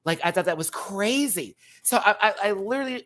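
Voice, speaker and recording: Texan host with a light Southern twang, animated casual review rant, piles on repeated words for emphasis. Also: male voice, high voice, brisk. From Texas. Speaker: drag show reviewer.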